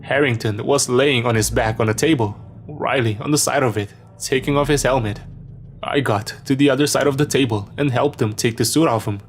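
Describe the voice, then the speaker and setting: A man narrating a first-person horror story in a steady, measured way, in a scripted storytelling style. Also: mid-range voice, faint music behind.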